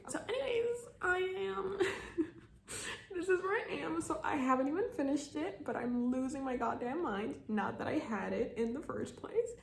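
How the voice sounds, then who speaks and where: A woman's voice: sits high, lively intonation, measured pace, vocal fry. A young woman book vlogger talking casually, tearful and laughing through tears, dramatic about a book. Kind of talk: casual vlog. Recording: roomy echo, faint noise.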